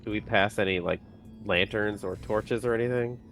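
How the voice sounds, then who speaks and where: A man's voice: lowish voice, moderate pace, a bit bright, faint music behind. A man playing a tabletop game who asks short, practical questions. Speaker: player.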